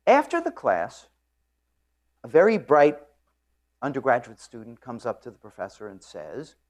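A man lecturing on physics, explaining at a board in a joking storytelling way and often clearing his throat. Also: mid-range voice, wildly swooping pitch, moderate pace. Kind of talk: classroom lecture.

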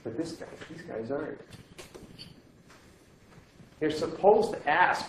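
A male physics teacher lecturing in a classroom, animated and playful, quizzing his students with quick jokes. His voice sits a little high and rings through an echoey room. A faint hiss runs under the recording. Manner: lively, joking, quizzes students.

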